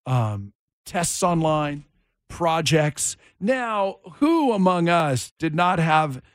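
A man hosting a morning radio talk show, animated and jokey, quick to laugh. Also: on the high side, dry recording, studio quality.

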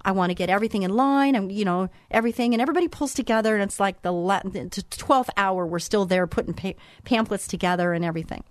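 A woman's voice: mid-range voice, fast talker, hardly any pauses. Middle-aged woman host, earnest and emphatic, dry close sound, no room echo. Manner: earnest, emphatic, repeats phrases for effect. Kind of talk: motivational monologue.

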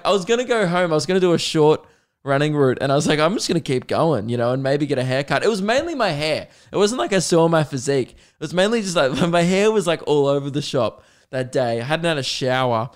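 A young Australian man hosting his own podcast, talking in a rambling casual monologue, laughing often and swearing freely. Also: fairly high pitch. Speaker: podcast host.

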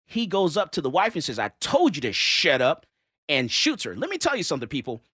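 A man who hosts a casual talk radio show and also teaches handgun licensing tells animated stories, acting out quotes and laughing frequently. His voice sits high, and the recording is dry and studio-clean.

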